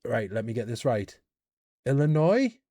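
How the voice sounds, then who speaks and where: Excitable British man reacting aloud. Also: a little high, moderate pace, dry recording. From United Kingdom. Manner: animated, exclaiming and asking questions aloud. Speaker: reaction video host. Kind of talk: casual reaction commentary.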